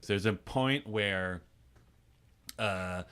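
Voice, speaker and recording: Low bright voiced guy cohosting a podcast, swoopy and laughing a lot. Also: drawn-out words, clear, resonant tone. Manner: animated, laughing storyteller. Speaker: podcast co-host. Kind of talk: casual chat.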